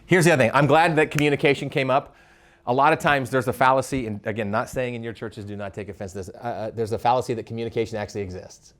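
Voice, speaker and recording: A man giving a live leadership workshop, animated, asking the audience questions and stumbling over quick restarts. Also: mid-range voice. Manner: animated, asks the crowd questions, stammers on restarts. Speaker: leadership speaker.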